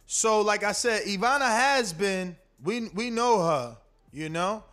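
High-voiced profane livestream host. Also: male voice, expressive, unhurried, a bit bright. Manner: loose, profane, rambling and emphatic. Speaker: boxing podcast host. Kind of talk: casual livestream chat.

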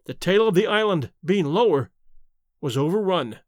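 Expressive man narrating a classic story. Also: high voice, normal speed, no room sound, studio quality. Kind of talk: scripted audiobook narration.

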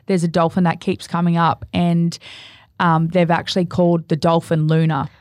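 A woman, a podcast guest, talking candidly in casual conversation with animated storytelling. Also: lowish voice, moderate pace, no room sound, studio quality.

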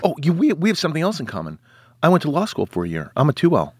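A man's voice: a little high, wildly swooping pitch, racing, slightly rough, no echo. A man in his forties, an actor guest chatting in a casual podcast interview, rambling and self-mocking with many restarts. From United States.

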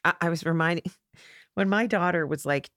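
A middle-aged woman, a comedian on a podcast, telling stories in an animated way and acting out the voices in them. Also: lowish voice, moderate pace, dry recording, studio quality. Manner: animated storyteller, acts out voices. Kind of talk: casual storytelling chat.

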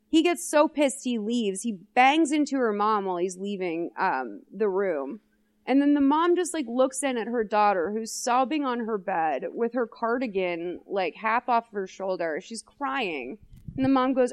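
A woman's voice: a little high, lively intonation, normal speed. A young woman co-hosting a podcast in casual chat, retelling a film scene and slipping into the characters' voices. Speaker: podcast co-host.

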